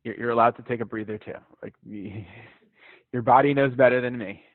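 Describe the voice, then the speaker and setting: A man coaching a live stretching class in a relaxed, encouraging voice, chatting easily between cues. His voice comes through a narrow, phone-like video call with a dry, close sound. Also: mid-range voice, normal speed, no echo. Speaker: fitness instructor.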